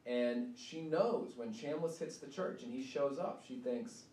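A man's voice: medium pitch, measured pace, mellow. Guy author chatting to a crowd, keeps saying right?, far off mic, echoey hall. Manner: conversational, asks "right?" often. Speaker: author giving a talk. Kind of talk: public talk and reading. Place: university event hall.

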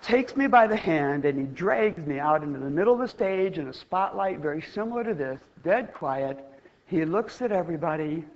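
A woman's voice: on the low side, lively intonation, normal speed. A woman from Iowa telling a comic story as a keynote speaker on stage, playful and theatrical. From Iowa, USA. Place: stage before a live audience. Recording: dull, muffled lo-fi recording.

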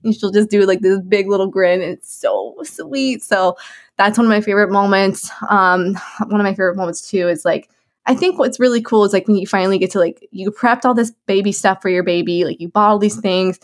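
A young woman talks in a loose, chatty way, full of fillers and quick laughs. She speaks at an ordinary middle pitch. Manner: chatty, bubbly, lots of "like" and laughs. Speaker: new mom answering viewer questions. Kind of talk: casual chat.

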